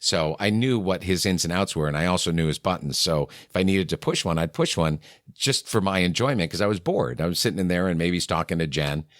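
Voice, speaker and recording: A man's voice: low voice, brisk, no echo, clean studio sound. A middle-aged man from New England, a radio morning host, telling candid anecdotes in a conversation and acting out the exchanges he quotes. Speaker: radio morning show host, podcast guest.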